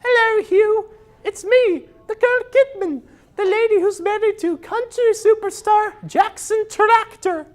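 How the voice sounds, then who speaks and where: A man doing a gushing high-voiced woman. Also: a little slow. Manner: exaggerated high falsetto. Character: high breathy woman, prim and starry-eyed.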